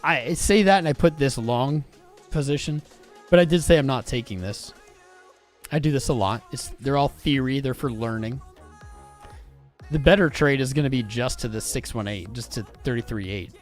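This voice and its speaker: A young man hosting a casual livestream, chatting with viewers in an excitable, informal way. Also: medium pitch, normal speed, soft background music. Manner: animated, swearing, informal and excitable. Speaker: crypto livestream host. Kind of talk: casual livestream chat reading viewer comments.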